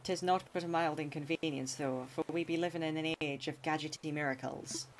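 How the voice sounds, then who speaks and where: A woman's voice: low voice, fairly even intonation, slow pace, sharp tone, a little hiss or hum, exaggerated voice. A woman streamer voicing a bumbling, boastful male seagull pirate with a hammy pirate accent, reading game dialogue aloud.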